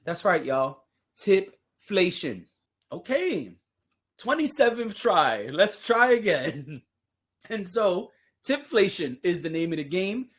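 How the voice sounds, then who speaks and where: Podcast host, casual solo chat, playful, sarcastic asides, laughs a lot, mid-pitched voice. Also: sing-song, slow pace. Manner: laughs often while talking.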